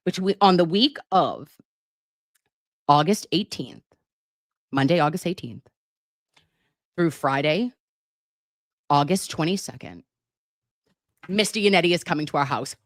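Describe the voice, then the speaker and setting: A woman's voice: low-pitched, expressive, a little slow, pauses often, no echo, clean studio sound. A woman hosting a casual livestream chat, gushing and dramatic, talking with a slight lisp from a sore tongue. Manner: gushing, chatty and dramatic, reads viewer comments. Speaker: livestream host.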